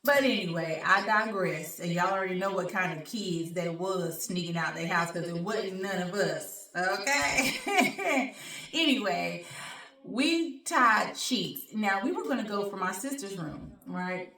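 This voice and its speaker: A woman hosting her own show, telling a personal story in an animated, colloquial way and speaking straight to her audience. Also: lowish voice, measured pace. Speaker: show host. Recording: roomy sound, distant from mic.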